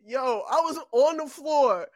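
A young adult woman in a casual chat, animated and laughing through her story. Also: high-pitched, a little slow, no echo.

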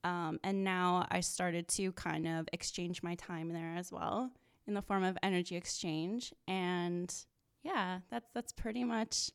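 A woman chats as a podcast guest in a modest, hesitant way, giggling now and then. Her voice is a bit low with plenty of vocal fry. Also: steady tone, unhurried. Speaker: graphic designer, guest. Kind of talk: casual interview chat.

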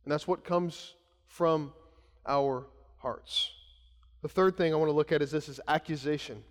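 A man's voice: a little high, unhurried, in a large hall. A male pastor in his thirties, preaching a conversational sermon full of anecdotes and restarts. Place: church sanctuary.

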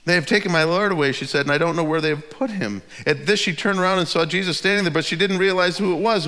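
Male pastor, sermon, fairly high voice, bright tone, scripture reading into passionate preaching, handheld mic, long hall reverb. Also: fairly quick. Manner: reads scripture aloud, then preaches with rising intensity. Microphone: handheld microphone.

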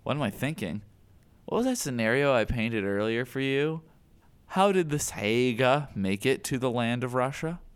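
A man's voice: mid-range voice, lively intonation, normal speed, clear, resonant tone. A man co-hosting a podcast, joking and teasing in casual banter. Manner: playful, jokey, teasing. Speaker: podcast co-host.

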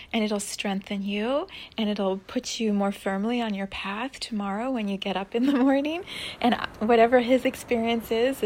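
A woman hosting a spiritual podcast, talking in a soft, dreamy way that often sinks into a breathy whisper. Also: on the high side, slight background noise. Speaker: podcast host.

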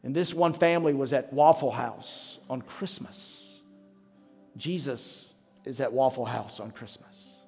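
A man's voice: mid-range voice, unhurried, gravelly, a little mellow, husky. A man preaching a sermon as pastor, telling stories in a conversational way. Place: church sanctuary. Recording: long hall reverb with faint music.

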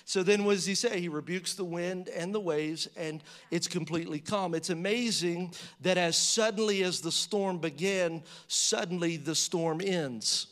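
A man preaching a sermon in a conversational style, asking the audience rhetorical questions and acting out quotes with rising pitch and volume. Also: measured pace, hardly any pauses, fairly bright tone. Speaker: pastor.

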